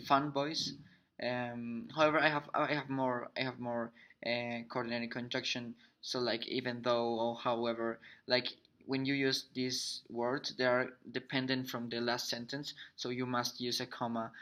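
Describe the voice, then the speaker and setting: A young man whose first language is Spanish, haltingly summarizing an English punctuation lesson on a video call, with many fillers and restarts. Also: mid-range voice, level tone, fairly bright tone. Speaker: English learner presenting.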